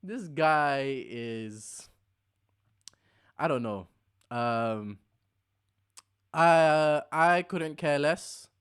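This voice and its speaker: A man's voice: fairly high pitch, lively intonation, very slow, long pauses, smooth. A young man co-hosting a casual podcast chat, jokey and sarcastic, laughing often. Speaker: podcast co-host.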